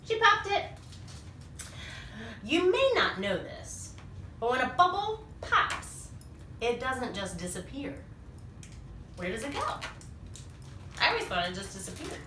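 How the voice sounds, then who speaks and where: A woman reading a picture book aloud to young children, animated and full of sing-song questions, in a small echoey room. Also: sits high, unhurried, pauses often, distant mic, slight background noise. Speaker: children's storyteller.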